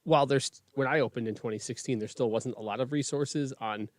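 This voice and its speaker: A man with an ordinary mid-range voice hosts a relaxed podcast chat. He checks details with friendly follow-up questions. The recording is dry and close. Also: mid-range voice, a little fast, no room sound. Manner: friendly, asks clarifying questions. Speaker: podcast host, skatepark owner. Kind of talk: casual podcast interview.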